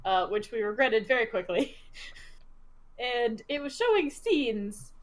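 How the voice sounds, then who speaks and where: A woman player in a tabletop game, speaking in a chatty, lively manner with frequent laughter. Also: a little high, unhurried. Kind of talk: tabletop role-play, in character.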